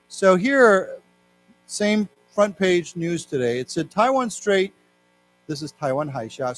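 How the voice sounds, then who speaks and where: A fairly high-voiced man with an American accent teaches English from a news article. He reads slowly and explains each word, asking his class to repeat after him. A faint mains hum sits under the recording. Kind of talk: live English lesson reading news.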